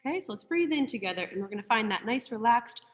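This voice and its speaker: Brief: woman choir teacher, lively pitch, gentle and encouraging, video call audio with a long room echo. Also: fast talker. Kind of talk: online group singing lesson. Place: room with a piano.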